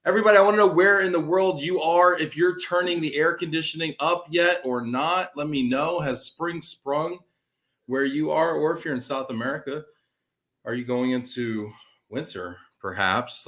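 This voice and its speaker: A man hosting a live interview webcast, with an energetic, teasing, jokey way of talking. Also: medium pitch, normal speed. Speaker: host.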